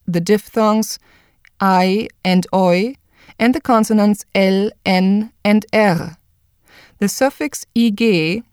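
Clear-voiced woman narrating a language lesson. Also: medium pitch, darkish tone, no room sound, studio quality. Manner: clear, measured explanation. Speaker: language instructor. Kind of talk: scripted instructional narration.

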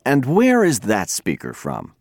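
A man giving a scripted lecture, speaking clearly and deliberately, with slow spoken examples. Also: medium pitch, huge pitch swings, darkish tone, no room sound, studio quality. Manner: clear, deliberate, demonstrates pronunciation.

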